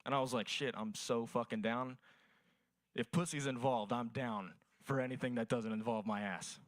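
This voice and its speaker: A man's voice: medium pitch, fairly even intonation, normal speed, no room sound. A young man performing a crude stand-up set at an open mic, telling profane stories. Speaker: stand-up comedian.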